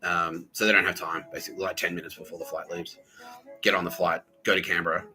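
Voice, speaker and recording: A man's voice: deep voice, flat delivery, quick pace, sharp tone, soft background music. A man hosting a podcast, telling a rambling, profane story and slipping into mocking whispers and put-on voices. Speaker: podcast host. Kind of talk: rambling monologue.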